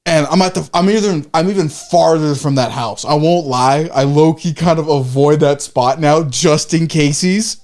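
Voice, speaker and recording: A male podcast co-host with a slightly mellow voice on the high side talks at a moderate pace with hardly any pauses. His casual story rambles and self-corrects, with free swearing and quoted asides acting out his own reactions.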